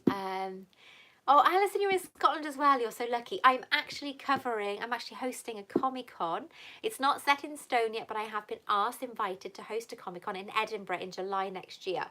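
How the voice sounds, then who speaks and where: A woman's voice: on the high side, fairly quick, sharp tone. Woman, thirties, from Wales, chatty livestream host, gushing, endearments. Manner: chatty and gushing, calls viewers "lover" and "sweetheart". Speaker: livestream host answering viewer questions. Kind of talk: casual live Q&A chat.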